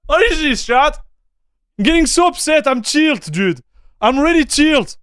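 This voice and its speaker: High-voiced ranting streamer man. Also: unhurried, no echo. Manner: excitable, ranting, slangy. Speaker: livestreamer reacting to videos. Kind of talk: casual livestream chat. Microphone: streaming desk mic.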